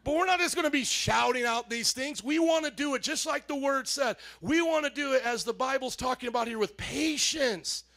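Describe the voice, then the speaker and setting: A man speaking as a pastor, giving a lively, joking sermon introduction in a church and calling on the congregation to answer back. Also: very high voice, normal speed, hardly any pauses. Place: church sanctuary.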